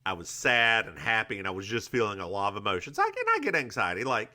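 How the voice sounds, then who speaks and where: A young adult man co-hosting a podcast, chatting casually and telling stories quickly, acting out the quotes. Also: lowish voice. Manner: animated, quick storytelling with acted-out quotes. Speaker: podcast co-host. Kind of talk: casual chat.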